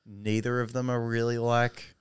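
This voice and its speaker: Guy on a film podcast, smooth voice, blunt opinions, dry sound. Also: medium pitch, flat delivery, moderate pace, dry recording. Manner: opinionated, dry asides, swears casually. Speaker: podcast co-host. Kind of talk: casual film chat.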